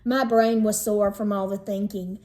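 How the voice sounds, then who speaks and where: A woman teacher reading a children's chapter book aloud in an unhurried storytelling manner, slowing down over lists. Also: medium pitch, flat delivery, dark tone.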